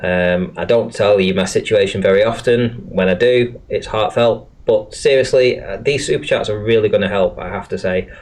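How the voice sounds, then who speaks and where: A man hosts a casual livestream with a lowish voice. He swears freely and stumbles through his thoughts, trailing into ums and uhs. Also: moderate pace, few pauses, a little mellow. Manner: swearing, hesitant with many fillers. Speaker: livestream host.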